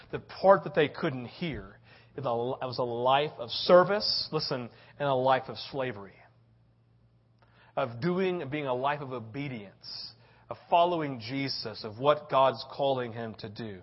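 A man preaching a sermon, telling a personal story with lively swings from excited and loud to low and quiet. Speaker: pastor. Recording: dull lo-fi audio.

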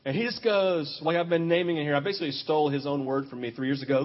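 Man preaching, high voice, loud then hushed confession, muffled lo-fi sound. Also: fast, few pauses. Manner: animated, swings from loud exclamations to quiet confession. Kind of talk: sermon.

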